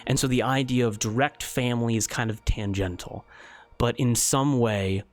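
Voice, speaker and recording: A man's voice: medium pitch, fairly even intonation, moderate pace. A man narrating as game master in a tabletop game, casual and loose, with many fillers.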